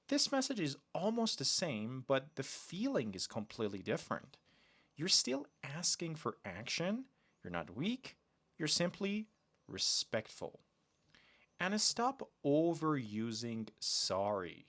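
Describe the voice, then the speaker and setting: Slow, animated male teacher. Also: medium pitch. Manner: slow, deliberate delivery with lively emphasis on example phrases. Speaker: English teacher, podcast host. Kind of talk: podcast lesson.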